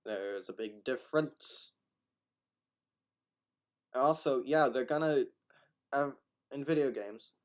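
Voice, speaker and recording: A man's voice: mid-range voice, slow, pauses often. Rambling man arguing in commentary. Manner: rambling, repeats and restarts words, argumentative. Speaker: commentator reacting to a video.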